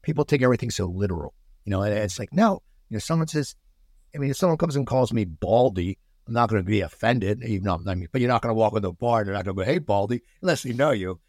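A middle-aged man chatting as a podcast guest, telling stories in an animated way with many restarts. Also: fairly low pitch, quick pace, no room sound, clean studio sound. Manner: animated storyteller, restarts a lot. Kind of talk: casual podcast chat.

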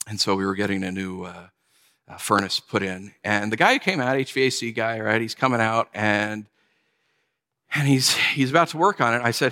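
Joking pastor with a bright voice. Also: male voice, lowish voice, moderate pace. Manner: conversational, joking, acts out little stories. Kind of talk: sermon. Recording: long hall reverb.

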